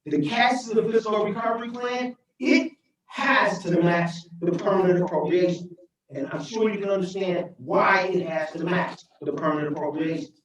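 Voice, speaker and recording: Man, high voice, mayor addressing council, impassioned, keeps asking "right?", echoey hall, heard from a distance. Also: steady tone, normal speed, muffled recording, a little hiss or hum. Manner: impassioned, repeats "right?", rises to shouting. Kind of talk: speech at a council meeting. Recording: echoey chamber, voice from afar.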